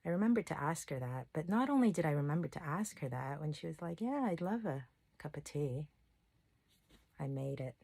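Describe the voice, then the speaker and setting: A woman's voice: sits low, expressive, a little fast, creaky, dark tone, dry recording. A woman talking to camera in a candid, rambling personal vlog, sharing stories with open emotion. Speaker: self-love coach and channel host. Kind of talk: casual personal vlog monologue.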